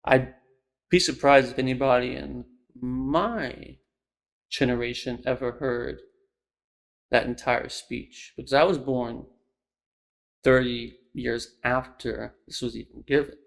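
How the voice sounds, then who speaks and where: Young male host, unhurried delivery with a gravelly edge, breaks down ideas thoughtfully. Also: medium pitch, steady tone. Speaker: host of a speech lecture series. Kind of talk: casual spoken commentary.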